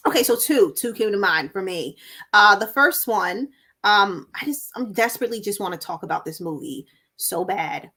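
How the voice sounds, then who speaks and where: A woman guest on a podcast in casual chat, enthusiastic and halting, with many fillers. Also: medium pitch, expressive, pushed and bright, breathy edge.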